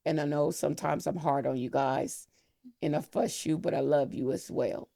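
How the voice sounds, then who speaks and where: A middle-aged woman hosting a podcast, speaking slowly and tenderly in a heartfelt spiritual talk, close to the mic and near tears. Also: low voice, steady tone, vocal fry, warm tone, no echo. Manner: slow, tender, emotional blessing. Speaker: podcast host, mentor.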